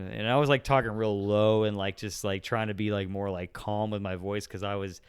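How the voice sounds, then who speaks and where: This podcast guest talks a little fast with few pauses, his fairly low male voice steady and smooth. In casual conversation he rambles through tales of past jobs, performing the voices of callers, customers and himself.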